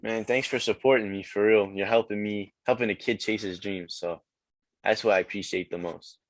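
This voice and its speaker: A man's voice: fairly low pitch, fairly even intonation, normal speed. A teenage man from Quebec, a guest rapper, chatting casually and filling his talk with "like" and "man". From Quebec, Canada. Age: teens. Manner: laid-back, many "like" and "man" fillers. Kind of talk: casual chat.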